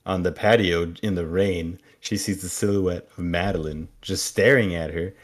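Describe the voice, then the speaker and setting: Deep-voiced man recapping a show. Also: steady tone, normal speed. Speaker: podcast co-host. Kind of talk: casual episode recap.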